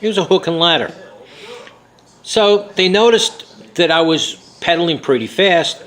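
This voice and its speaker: A man's voice: fairly high pitch, lively intonation, normal speed, a bit bright, poor audio. An older man from New York, recounting a story from his memoir with many fillers and a rambling, conversational way of talking. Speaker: memoir author.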